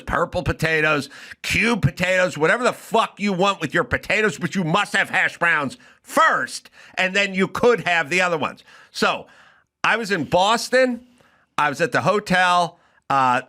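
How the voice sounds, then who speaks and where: A man's voice: a little high, pushed and bright. A man hosting a talk show, ranting with profanity and exasperation in a comedic way. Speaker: podcast host. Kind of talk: comedic rant.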